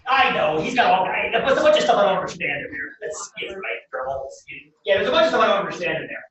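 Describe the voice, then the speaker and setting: A man teaching a college class, lively and quizzing his students with questions. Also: sits high, quick pace, a crowd in the background. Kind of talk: classroom lecture. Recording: echoey room, distant dull mic.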